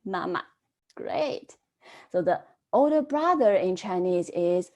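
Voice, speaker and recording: A woman teaching an online Chinese class, modelling words slowly and prompting students to repeat them after her. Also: fairly low pitch, expressive, darkish tone.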